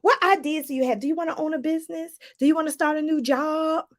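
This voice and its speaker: A woman with a high, bright voice coaches her viewers in an animated, preachy way. She keeps addressing them as y'all. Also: quick pace. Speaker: life coach. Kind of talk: motivational livestream talk.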